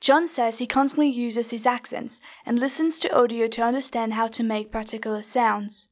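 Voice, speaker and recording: A woman reporter reading scripted narration in a measured, even way. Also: a little high. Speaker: radio reporter.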